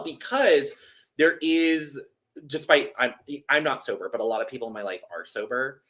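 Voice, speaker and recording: A man co-hosting a podcast gives a casual, meandering recap, often restarting and saying "like." His medium-pitched voice sounds bright and forceful at a normal pace.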